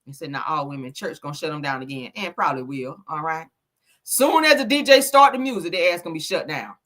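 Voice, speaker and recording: A woman with a low-set voice hosts a loud, profane gossip livestream. Her pitch swings widely, and her tone is bright and forceful. She reads viewer comments aloud and reacts with frequent laughter. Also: lively intonation, fast. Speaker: livestream gossip host reading chat. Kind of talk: casual chat.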